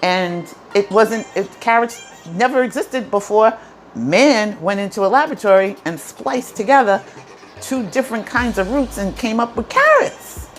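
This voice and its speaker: A woman vlogger telling a personal story in a chatty, animated way, full of asides. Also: a little high, normal speed, soft background music. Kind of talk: casual storytelling to camera.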